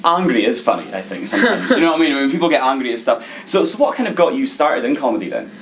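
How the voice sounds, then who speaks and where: A man interviewing a guest backstage, chummy and quick, filling with "I mean" and "you know". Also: mid-range voice, very animated, slight background noise. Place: backstage at a venue.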